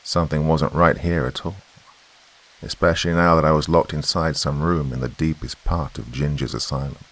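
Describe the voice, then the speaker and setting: A man reading a horror story as a podcast narrator in a slow, brooding way. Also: a bass voice, steady tone, fairly bright tone.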